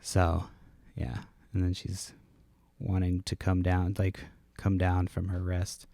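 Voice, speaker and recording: A man with a fairly low voice rambles through stories on his podcast, casual and laid-back, swearing freely. The sound is dry and close, recorded at home. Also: completely flat delivery, slow pace, dark tone, dry recording. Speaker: podcast host.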